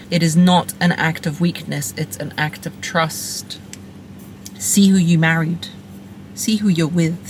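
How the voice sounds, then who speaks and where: A woman's voice: sits low, a little hiss or hum. A woman speaking as a relationship coach, giving direct-to-camera advice in an emphatic, playful and blunt way, repeating punchy phrases.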